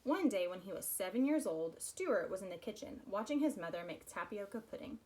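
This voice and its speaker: A woman's voice: mid-range voice, a little fast. Woman reading a children's story aloud. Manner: expressive storytelling, personal asides. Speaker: reader.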